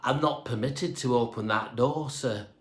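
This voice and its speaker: A man's voice: mid-range voice, measured pace, lightly acted. A man voicing a timid young male caretaker in a storybook reading, who stutters nervously. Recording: echoey room.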